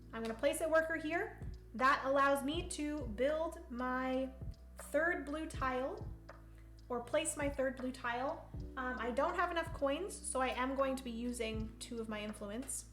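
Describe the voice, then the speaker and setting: A woman's voice: high-pitched, unhurried, fairly bright tone, reverberant, faint music behind. A woman talking through a solo board game on a live stream, thinking aloud as she counts pieces and reads rules, and chatting playfully with viewers. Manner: greets chat viewers playfully.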